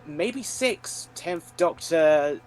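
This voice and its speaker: A man's voice: a little high, expressive, very slow, a little mellow. Casual, enthusiastic male podcast guest with hesitant starts, faint noise behind him. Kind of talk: casual chat.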